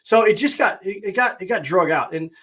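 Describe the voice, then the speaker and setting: Plainspoken man, somewhat higher voice. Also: expressive, brisk, a bit bright. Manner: candid and plainspoken, with blunt mild swearing. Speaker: podcast host and high performance coach. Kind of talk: casual reflective monologue.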